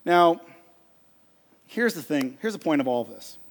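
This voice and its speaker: A middle-aged pastor preaches from the stage, his voice sitting high for a man. He tells an animated, self-deprecating story. The sound trails off in the long reverb of a large hall. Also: measured pace. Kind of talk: storytelling sermon. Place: church stage.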